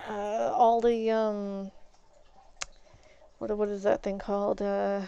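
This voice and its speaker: A woman's voice: medium pitch, level tone, slow, creaky, warm tone, muffled recording. A woman streamer telling a story in a rambling way while she plays a game, swapping in "flip" for swear words. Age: adult, has an ex-husband. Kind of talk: casual storytelling while gaming.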